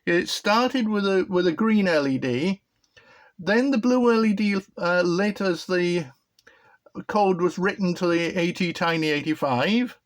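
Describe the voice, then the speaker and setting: Slow, hesitant British man. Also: high-pitched. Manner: hesitant and rambling, with frequent ums and restarts. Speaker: hobby electronics video host. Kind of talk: casual show-and-tell of a finished project.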